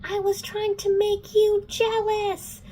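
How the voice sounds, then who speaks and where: A woman voicing a jealous teenage boy who yells at his friend, read from a storybook. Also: very high-pitched, monotone, takes it slowly, a little hiss or hum, voice pushed up. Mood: yelling.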